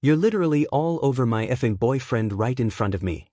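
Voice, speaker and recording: A man's voice: medium pitch, lively intonation, brisk, warm tone, dry recording, clean studio sound, close to an everyday voice. A man reading as a blunt, sarcastic teenage boy. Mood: deadpan anger.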